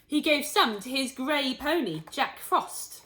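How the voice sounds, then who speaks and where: A teacher reads a children's storybook aloud in a bright, clear voice that sits a little high. Her delivery is expressive, rising and falling a great deal as she points out the pictures. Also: slow. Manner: expressive, shows pictures to listeners.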